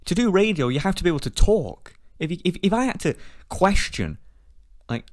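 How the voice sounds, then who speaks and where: A man hosting a podcast, talking in an animated, profane way full of restarts. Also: high voice, a little fast, no room sound, clean studio sound. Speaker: podcast host. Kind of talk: casual opinionated chat.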